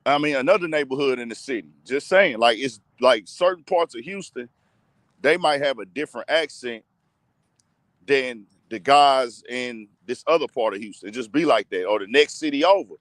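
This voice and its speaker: A man's voice: medium pitch, lively intonation, moderate pace, fairly bright tone, no room sound. A man with a Texas accent hosting a casual commentary show, ranting emphatically and addressing his audience directly. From Texas, USA.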